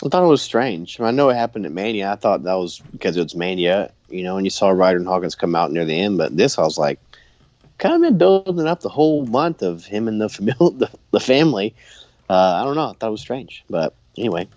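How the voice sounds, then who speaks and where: On a laid-back wrestling podcast, this male co-host keeps things jokey and lively, laughing often. He speaks briskly in a fairly low voice, and the recording has no room sound and cut-off highs.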